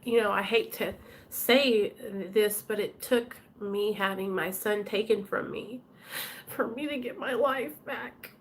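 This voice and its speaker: A woman's voice: medium pitch, slow, a little hiss or hum. A woman with a drawl talks candidly to her live-stream audience. She is chatty and direct and greets commenters by name as she goes. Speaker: vlogger talking to live chat. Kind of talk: casual live-stream chat.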